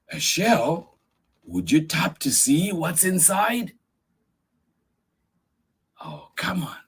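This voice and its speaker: A man's voice: on the high side, big pitch swings, drawn-out words, gravelly, long pauses, fairly bright tone, slightly rough. A man hosting story time, reading a picture book aloud to children with lots of exclaiming and questions to the kids. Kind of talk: animated read-aloud for kids.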